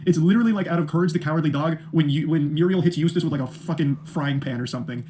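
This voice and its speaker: A man's voice: on the high side, very fast, mellow, slight background noise. A man reviewing a film in an exasperated, profane, sarcastic rant. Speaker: film critic.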